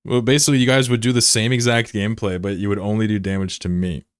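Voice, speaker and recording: Deep-voiced excitable streaming game developer. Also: male voice, fast, smooth, no echo, clean studio sound. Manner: excitable, swings from loud shouting to muttered frustration. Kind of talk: casual livestream chat.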